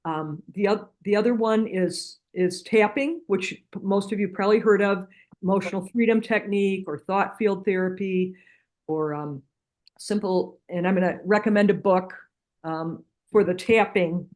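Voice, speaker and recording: A woman's voice: mid-range voice, moderate pace. Earnest middle-aged woman explaining healing techniques. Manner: earnest, with frequent restarts and lively retold dialogue. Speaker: guest practitioner from a spiritual healing center. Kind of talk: conversational interview, explaining and storytelling.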